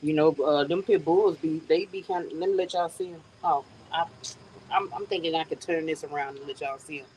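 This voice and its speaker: A woman's voice: deep voice, steady tone, a little fast, darkish tone, rough recording. Chatty middle-aged woman streaming outdoors. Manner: chatty, laughs often, talks to viewers as y'all. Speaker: live stream host. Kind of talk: casual outdoor live stream chat. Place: outdoors in a yard. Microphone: phone. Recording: faint outdoor noise with crickets.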